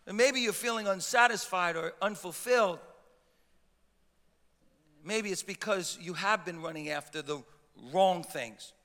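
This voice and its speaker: A man's voice: high voice, a little slow, pauses often, pushed and bright. A man pastor preaching a sermon with impassioned emphasis and frequent stammered restarts. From Italian heritage. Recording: long hall reverb.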